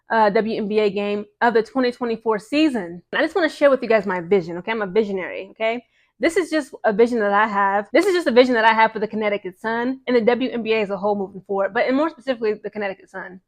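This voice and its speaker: A young adult woman runs her own commentary vlog in a quick, eager patter, her voice sitting somewhat high for a woman. She talks emphatically and keeps tossing in "okay" as she drives each point home. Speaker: host.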